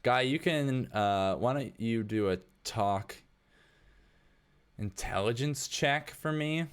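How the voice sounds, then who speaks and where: A man's voice: mid-range voice, slow, smooth. A man narrating casually as game master of a tabletop game. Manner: casual, rambling with fillers.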